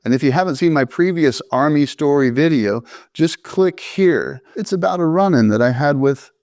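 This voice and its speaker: A man's voice: on the high side, lively intonation, normal speed, darkish tone, no echo. Dry-humored middle-aged man telling a story. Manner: dry, matter-of-fact humor. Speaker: army veteran telling stories. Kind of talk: first-person storytelling to camera.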